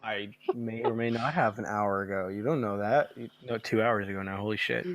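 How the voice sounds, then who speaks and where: A man's voice: on the low side, fairly even intonation, brisk, a bit bright, no room sound. Rambling young man hosting a podcast. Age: 20s. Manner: rambling, swears often, laughs a lot. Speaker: podcast host. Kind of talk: casual podcast chat.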